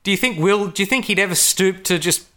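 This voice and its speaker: A man hosting a podcast in casual chat, playful and quick to laugh. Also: high-pitched, sharp tone. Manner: laughs often, playful and joking. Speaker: podcast host.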